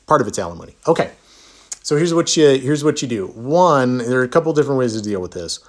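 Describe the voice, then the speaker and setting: A man's voice: medium pitch, animated, fast talker. A man, a divorce attorney, chatting casually in a live Q&A, reading viewer comments aloud and answering with easygoing, self-deprecating humor. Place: Utah.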